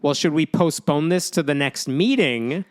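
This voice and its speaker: A man's voice: on the high side, moderate pace. A man co-hosting a podcast, chatting casually and reading out quotes with sarcastic asides. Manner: animated, reads out quotes with sarcasm. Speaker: podcast co-host. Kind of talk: casual chat.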